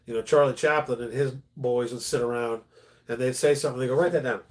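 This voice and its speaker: A middle-aged male comedian talking casually on a livestream. He rambles, restarts his sentences often and swears freely. His voice is mid-pitched. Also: fairly even intonation, fast, darkish tone. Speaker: stand-up comedian, host.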